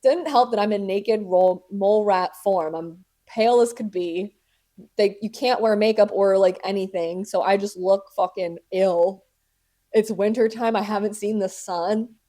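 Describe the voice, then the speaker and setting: A woman's voice: medium pitch, a little slow, warm tone. A woman in her twenties hosting a podcast, telling a story in casual chat with sarcastic, dramatic asides and acted-out voices. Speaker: podcast host.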